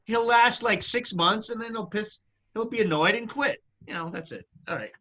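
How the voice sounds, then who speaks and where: A man's voice: high-pitched, normal speed, pushed and bright. A man co-hosting a casual sports podcast, talking in an emphatic, opinionated rant. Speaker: podcast co-host.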